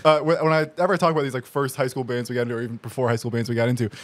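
A man hosts a casual interview at a brisk pace, his voice sitting in a middle pitch. He asks friendly questions between short affirmations. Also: level tone. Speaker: podcast host.

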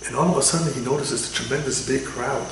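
A man, a rabbi, giving a religious lecture with animated storytelling and sudden loud quoted lines. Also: medium pitch, fast talker, slight background noise. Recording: echoey room with faint ambience.

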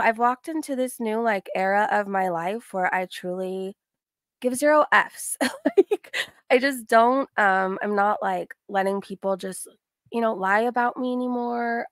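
A woman's voice: a little high, no room sound, clean studio sound. A young woman hosting a casual livestream, bubbly and giggly, greeting her chat by name. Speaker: livestream host.

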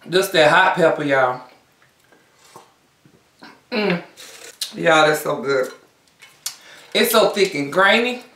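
A woman's voice: low voice, lively intonation, takes it slowly, long pauses, a bit bright, far from the mic, slight background noise. A woman hosting a casual eating-show vlog, chatting directly to her viewers. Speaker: mukbang vlogger. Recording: echoey room, voice away from the mic.

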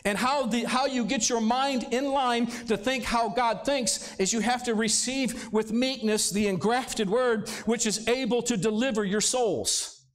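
High-voiced male pastor preaching. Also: a little slow. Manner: conversational preaching with rhetorical questions to the congregation. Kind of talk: sermon. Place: church sanctuary, live service.

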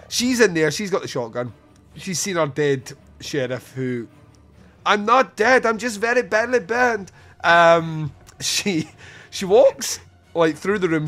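A podcast host with a rather high, fairly bright voice goes through a film scene by scene in relaxed review chat. Profanity comes easily to him, he laughs a lot, and his retelling is full of fillers.

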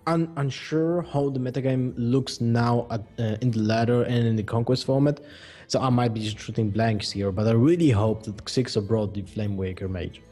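A man's voice: medium pitch, steady tone, normal speed, mellow, faint music behind. A man co-casting an esports match in easygoing chat, agreeing a lot and laughing often. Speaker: esports co-caster. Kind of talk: casual pre-match commentary.

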